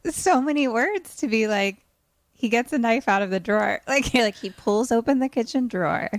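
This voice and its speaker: A woman's voice: fairly high pitch, animated, normal speed, no echo. A woman co-hosting a casual podcast, making dry, joking interjections. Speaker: podcast co-host. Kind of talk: casual chat.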